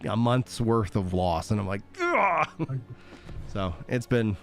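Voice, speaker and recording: A man's voice: lowish voice, a little slow, darkish tone. A middle-aged man chatting casually as a streamer, rambling and self-deprecating, laughing often. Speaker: streamer and podcast host. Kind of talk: casual chat.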